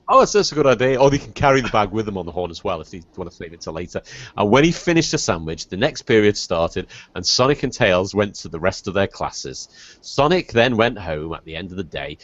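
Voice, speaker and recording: A man's voice: low voice, brisk, dry recording. A man co-hosting a comedy podcast, reading a story aloud and chatting with laughs and swearing. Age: adult. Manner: animated, laughing, swears a lot. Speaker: podcast co-host, story reader. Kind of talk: casual comedy podcast chat and mock reading. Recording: dull lo-fi podcast audio.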